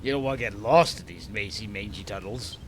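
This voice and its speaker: A man putting on a husky, wheedling cave creature. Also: on the low side, brisk, a little hiss or hum, pitched below the performer's own voice, natural voice. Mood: pleading. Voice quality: husky smoker voice with a put-on vaguely French accent. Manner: coaxing, wheedling, calls the listener pet names. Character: smoky-voiced underground creature pleading for help.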